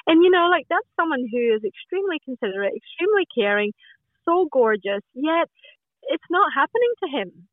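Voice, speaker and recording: A woman's voice: high-pitched, big pitch swings, moderate pace, no room sound. A woman in her thirties from Scotland, talking openly and chattily as a podcast guest, with many restarts. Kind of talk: casual podcast conversation. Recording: tinny phone line, dry.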